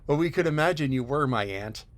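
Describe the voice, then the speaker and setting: A man's voice: a little high, animated, a little fast, natural voice. A man doing a pleading, eager orphan girl. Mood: wistful. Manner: breathless, pleading, wistful. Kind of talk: audiobook character voice.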